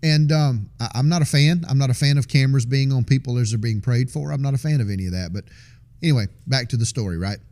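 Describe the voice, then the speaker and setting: A man's voice: medium pitch, fast talker, darkish tone. A man sharing his personal faith testimony in an earnest, conversational way, often repeating and restarting phrases with small laughs. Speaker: testimony speaker.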